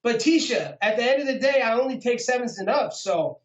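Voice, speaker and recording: A cocky fighter mocks his rivals in a high, boastful voice. The sound is close, dry and slightly dull, with no room around it. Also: animated, a little fast, no echo. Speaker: fighter being interviewed. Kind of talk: boastful trash talk.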